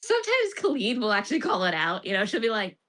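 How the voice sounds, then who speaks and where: A woman with a somewhat high voice talks casually about a video game on a stream. Her pitch leaps around a lot as she acts out characters' lines. She laughs often between thoughts. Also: wildly swooping pitch, quick pace, fairly bright tone.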